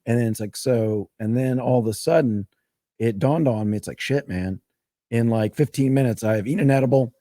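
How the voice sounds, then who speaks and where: A man rambles through a story with plenty of swearing, his pitch sitting in an ordinary middle range. The sound is close and dry, with no room echo. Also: normal speed, dark tone. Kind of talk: casual storytelling.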